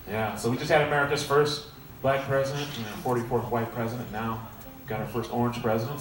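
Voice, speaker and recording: A man in his thirties doing a stand-up set and emceeing in a comedy club, talking in a sarcastic, punchy, conversational way into a stage mic. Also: mid-range voice. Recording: echoey club from far off, crowd noise.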